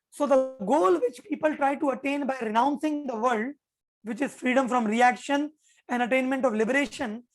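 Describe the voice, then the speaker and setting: A woman with a high voice gives a spiritual lesson on scripture. She speaks earnestly and drives her points home by repeating key phrases. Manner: chants Sanskrit verse slowly. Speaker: spiritual teacher. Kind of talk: explaining scripture to an audience.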